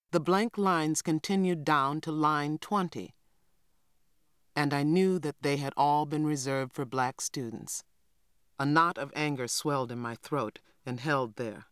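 A woman narrating an audiobook in a measured, even reading. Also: low-pitched, clean tone, dry recording, studio quality. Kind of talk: scripted narration.

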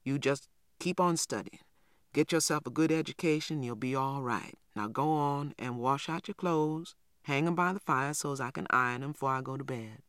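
A man doing a brisk grandmother. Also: mid-range voice, fairly bright tone, smooth, dry recording, clean studio sound, lightly acted. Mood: firm. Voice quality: folksy, brisk dialect. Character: old grandmother, firm but loving, no-nonsense.

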